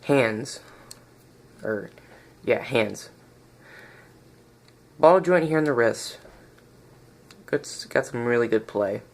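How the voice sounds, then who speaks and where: A man with a gravelly, fry-edged voice, recorded on a phone, talks through a toy review in a loose, unscripted way. He wanders, hunts for words and circles back on himself as he goes. His pitch sits in an ordinary middle range. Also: slow, pauses often. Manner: rambling, searches for words and restarts often.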